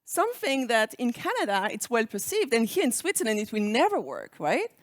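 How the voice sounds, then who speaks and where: A woman with a French accent gives a conference keynote on leadership. Her fairly high voice rises and falls in a very animated way as she puts reflective questions to the audience. The sound is dry, with no room echo. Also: fairly quick. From France. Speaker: speaker on leadership.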